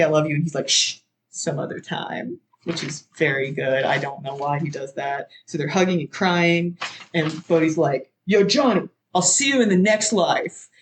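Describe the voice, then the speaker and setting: A podcast guest excitedly recapping a movie in casual chat, acting out the characters' lines with sudden loud jumps in pitch. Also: a little hiss or hum. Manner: excitable, acts out quotes with big pitch jumps.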